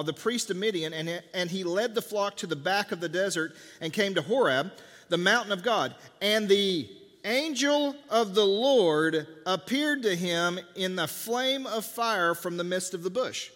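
A man with a high voice preaches a sermon in a church sanctuary. He talks to the congregation casually and plays out the dialogue of scripture scenes. His voice rings with the long reverb of a church hall. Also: a bit bright. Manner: conversational preaching, acts out biblical dialogue. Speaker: pastor.

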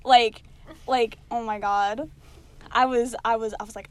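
Young woman podcast co-host, highish voice, giggly and rambling, faint hiss behind. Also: fairly even intonation, unhurried. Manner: giggly, rambling, many fillers. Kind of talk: casual chat. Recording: faint background noise.

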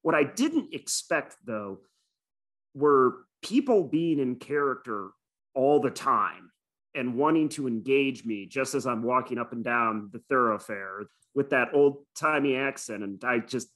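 A man's voice: medium pitch, lively intonation, measured pace, fairly bright tone. A man co-hosting a podcast, telling stories in a rambling, casual way full of fillers. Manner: rambling, filler-heavy storytelling. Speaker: podcast co-host. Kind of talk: casual chat.

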